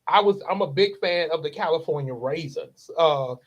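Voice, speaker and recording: A man's voice: a little high, normal speed, husky. A man hosting his channel, telling a casual, rambling story, laughing often and slipping into character voices. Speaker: channel host.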